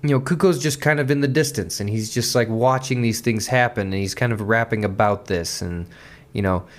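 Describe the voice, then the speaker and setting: A man hosting a podcast, chatting loosely about a song with lots of swearing, restarts and quick laughs. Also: lowish voice. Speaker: podcast host. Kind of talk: casual music commentary.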